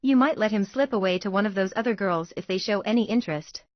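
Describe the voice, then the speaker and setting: A woman voicing a gently teasing, knowing mother of a teenage daughter, in a fan-fiction story reading. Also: mid-range voice, fast, dry recording, lo-fi sound, natural voice.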